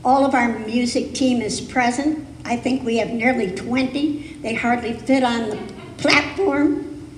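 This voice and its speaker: A woman giving a sermon as guest speaker, with slow, deliberate, emphatic phrasing, recorded on a live stream in a spiritual center's sanctuary. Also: fairly high pitch, a little hiss or hum. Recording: echoey hall, live stream.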